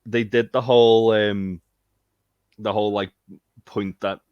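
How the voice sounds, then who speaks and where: A man co-hosting a casual podcast chat, relaxed and often restarting his sentences. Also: fairly low pitch, a little slow, clean tone, no room sound, highs cut off. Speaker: podcast co-host.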